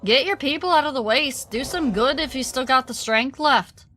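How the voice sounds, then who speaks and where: A proud, defiant dwarf queen speaks in a light Irish lilt, as a woman puts her on. The voice sits fairly high and bright, firm and steady as she reads each line in character. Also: normal speed, a little hiss or hum. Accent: light put-on Irish. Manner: reading quest dialogue aloud in character.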